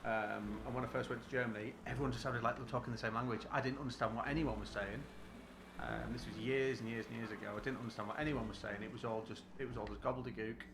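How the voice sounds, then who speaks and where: A man's voice: medium pitch, fairly even intonation, quick pace. A British man chatting casually while streaming a game, rambling and restarting his sentences. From United Kingdom. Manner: rambling, full of restarts and fillers. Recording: roomy echo, background noise.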